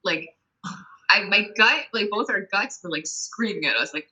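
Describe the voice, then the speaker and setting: Hesitant bright-voiced woman. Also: medium pitch, moderate pace, rough recording. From United States. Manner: hesitant, heavy use of "like". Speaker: singer guest. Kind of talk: casual interview.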